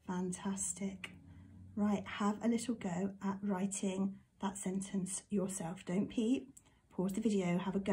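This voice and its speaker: A woman leads a recorded handwriting lesson for small children, taking each word slowly and cheering them on. She often sinks to a whisper as she forms the letters. Her voice is soft and mellow, with a faint hum of room noise behind it. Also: mid-range voice. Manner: encouraging and slow, stretches words, drops to a whisper while writing. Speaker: primary school teacher.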